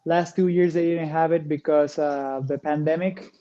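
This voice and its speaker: A man with a Mexican Spanish accent answers questions over a dull, lo-fi video call. His voice sits a bit high and mellow. He talks easily, stopping often for short "uh" pauses. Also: steady tone. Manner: easygoing, frequent "uh" pauses. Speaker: guest, pro racquetball player. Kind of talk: casual interview answers.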